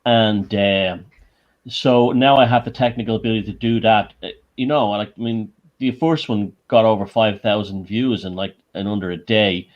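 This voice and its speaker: A man's voice: on the low side, moderate pace, lo-fi sound. A man joining a live chat as the guest, stammering and restarting as he talks over a video call. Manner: stammering restarts, laughs while talking. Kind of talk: casual interview.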